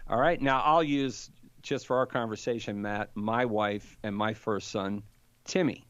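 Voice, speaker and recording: An older man in casual conversation, telling a lively story and acting out the quotes in it. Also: medium pitch, measured pace, no room sound, dull audio. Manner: animated storyteller, acts out quotes. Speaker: Catholic apologist guest.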